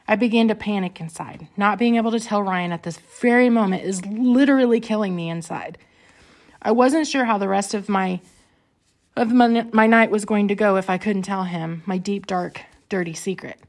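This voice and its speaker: A woman reading her own first-person memoir aloud in an earnest, unhurried, emotional way. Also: mid-range voice.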